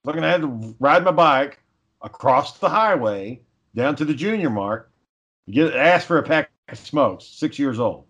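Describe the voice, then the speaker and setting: A man's voice: fairly high pitch, expressive, measured pace, fairly bright tone, husky, muffled recording. A man in casual chat, telling stories in a laid-back way, swearing often and chuckling.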